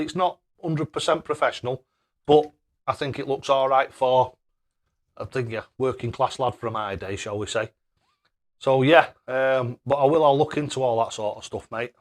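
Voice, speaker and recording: A man's voice: medium pitch, moderate pace. A young man hosting a live stream, chatting casually and thanking viewers by name. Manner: cheery, excitable.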